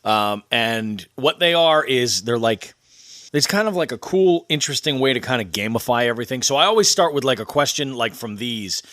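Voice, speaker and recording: A man's voice: medium pitch, animated, moderate pace, a bit bright, no echo, studio quality. A man hosting a podcast, talking in a casual, rambling, enthusiastic way with lots of restarts. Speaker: podcast host.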